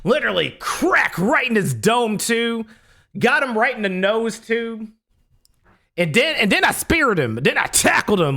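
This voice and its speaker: A young man with a high, bright voice that swoops up and down as he tells a story. He talks casually and emphatically, swears freely, and often says things twice. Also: big pitch swings, unhurried. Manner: emphatic, profane, repeats himself. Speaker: storytelling YouTuber.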